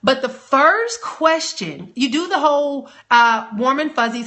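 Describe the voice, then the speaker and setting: A woman coaching network marketers in a live training talk, energetic and emphatic, rallying her audience. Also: sits high, moderate pace, hardly any pauses.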